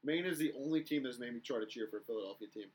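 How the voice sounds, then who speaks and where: A young man co-hosting a casual podcast chat, telling stories in an animated way and acting out the shouting. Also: mid-range voice, rapid-fire. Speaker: podcast co-host.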